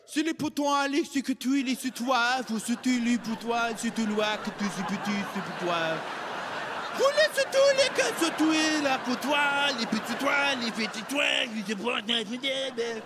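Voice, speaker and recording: A man's voice: very high-pitched, expressive, moderate pace, very noisy, voice pushed up. A man voicing a rambling mock-French male announcer who babbles sing-song gibberish without end.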